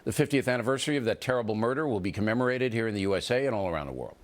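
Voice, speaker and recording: A man's voice: medium pitch, animated, very fast. A man in his sixties hosting a TV news interview, talking bluntly and teasing his guest. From USA. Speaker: TV news host.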